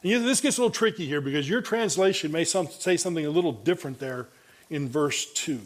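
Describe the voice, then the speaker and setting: High-voiced male preacher. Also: animated, quick pace. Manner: expository preaching, reading and comparing Bible translations; frequent restarts and repeated words. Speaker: pastor. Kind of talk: sermon.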